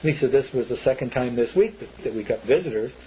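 A man tells his story in a loose, rambling way, repeating words and acting out what others told him. His voice sits at an ordinary middle pitch. The recording is a little dull and muffled, with a faint hiss behind it. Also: animated, fast talker. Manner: rambling, repetitive, acts out quoted speech. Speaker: eyewitness telling his story. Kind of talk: casual spoken recollection.

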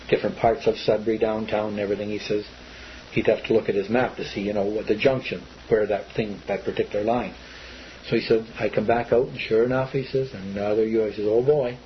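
A man's voice: fairly low pitch, slight background noise. A man telling of something he witnessed in a rambling, repetitive way, acting out what others said. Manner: rambling, repetitive, acts out quoted speech. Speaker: eyewitness telling his story. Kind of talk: casual spoken recollection. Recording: slightly muffled lo-fi recording.

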